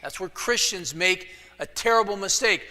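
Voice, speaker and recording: Pastor guy telling bible stories casual n jokey, brightish highish voice, echoey church. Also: lively intonation, normal speed. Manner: casual storytelling with jokes. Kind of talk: sermon. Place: church sanctuary.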